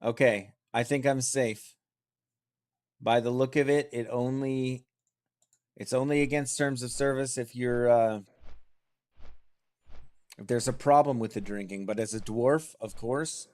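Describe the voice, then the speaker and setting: A man's voice: mid-range voice, fairly even intonation, a little slow, long pauses, a little mellow. Chatty self-mocking male streamer. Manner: chatty, self-deprecating, laughs at his own jokes. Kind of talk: casual livestream chat. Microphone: desk mic, wearing headphones.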